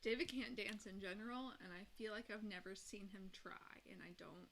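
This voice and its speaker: A young woman chatting playfully and telling a lively little story. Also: medium pitch, moderate pace, a little hiss or hum, rough recording. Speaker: host's friend bringing food. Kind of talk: casual chat.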